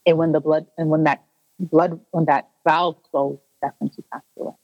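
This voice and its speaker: A woman's voice: deep voice, steady tone, normal speed, no room sound, muffled recording. A woman interview guest earnestly recounting a personal story, restarting her sentences and acting out the voices she quotes.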